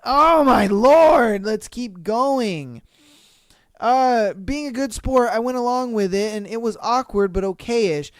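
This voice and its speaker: Podcast host, male, clear smooth voice, dry close sound, blunt and profane story reactions. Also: high-pitched, a little slow, dry recording. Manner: blunt, profane, exasperated commentary. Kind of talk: reading and reacting to listener stories.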